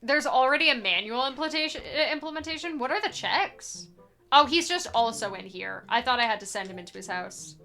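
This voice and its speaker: A woman's voice: fairly high pitch, lively intonation, a little fast, gravelly, pushed and bright, soft background music. A young woman streaming a game, chatting playfully and rambling with lots of "like" as she plays. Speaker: streamer playing a randomized adventure game. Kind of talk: casual gameplay commentary.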